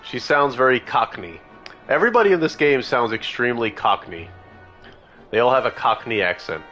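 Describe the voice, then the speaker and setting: A man's voice: medium pitch, lively intonation, moderate pace, sharp tone, faint music behind. A tipsy man streaming a video game live, chatting casually and laughing often. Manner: giggly, laughs often and mimics lines.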